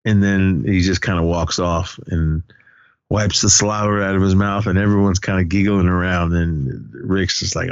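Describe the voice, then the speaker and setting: Low-voiced man recapping a movie. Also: fairly even intonation, moderate pace, clean tone, dry recording, dull audio. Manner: retells scenes with quoted dialogue and frequent fillers. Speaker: podcast co-host.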